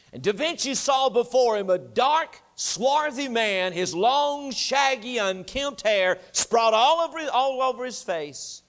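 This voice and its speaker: A man's voice: high-pitched, fairly bright tone. A man preaching an evening church sermon, telling a story and then making his point with emphatic repetition.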